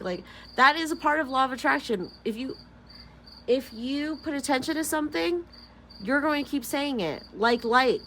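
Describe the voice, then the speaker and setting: A woman's voice: on the high side, fairly bright tone, a little hiss or hum. A woman from Sacramento with a Californian accent, chatting casually as a tarot reader, rambling, giggling often and saying "like" constantly. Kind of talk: casual tarot-reading vlog chat.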